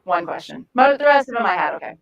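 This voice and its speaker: A woman's voice: fairly high pitch, sing-song, rapid-fire, gravelly, highs cut off. Woman searching for words as a trainer. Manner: conversational, searching for words mid-sentence. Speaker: de-escalation trainer. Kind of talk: live training talk. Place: training room with a group.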